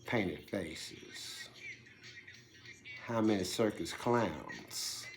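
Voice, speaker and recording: A man giving a preachy monologue, firing off rhetorical questions and swinging between loud bursts and hushed whispers. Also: fairly low pitch, expressive, drawn-out words, over music. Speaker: speaker delivering a monologue.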